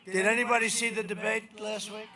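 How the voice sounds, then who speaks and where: An older man giving a rambling, boastful campaign speech outdoors, swinging between shouted lines and muttered asides. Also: sits high, little pitch movement, a little fast, creaky, background noise. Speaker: political speaker at a rally. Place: outdoor airport rally before a large crowd. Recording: rally PA with loud crowd. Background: cheering crowd.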